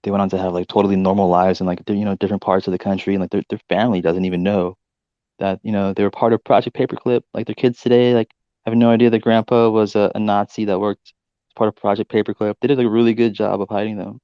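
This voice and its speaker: A man's voice: fairly low pitch, flat delivery, fast, dry recording, highs cut off. A man in casual chat, hesitant, filling with "um" and "like". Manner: hesitant, many "um" and "like".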